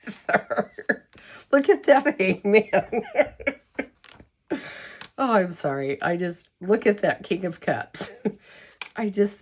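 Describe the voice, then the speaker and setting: Giggly low-voiced woman gushing. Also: darkish tone, a little hiss or hum. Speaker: tarot deck reviewer. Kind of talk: casual chat to camera.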